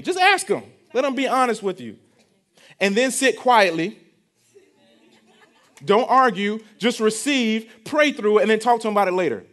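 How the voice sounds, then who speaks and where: A man's voice: high-pitched, expressive, normal speed, a bit bright. A young adult man, preaching a sermon in a conversational style, repeating phrases and asking the congregation questions. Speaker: pastor.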